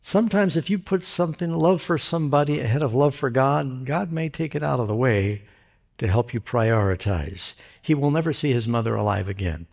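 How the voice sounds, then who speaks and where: Man preaching an animated story sermon. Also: moderate pace, vocal fry. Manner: animated retelling, voices characters with pitch jumps.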